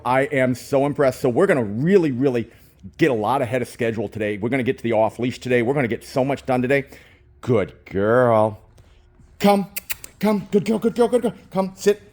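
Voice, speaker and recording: A man in his fifties, a dog trainer, narrating a training session while holding a phone. He gushes with praise, slips into baby talk with the dog and gives crisp, short commands. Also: mid-range voice, a little mellow. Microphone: phone held in hand.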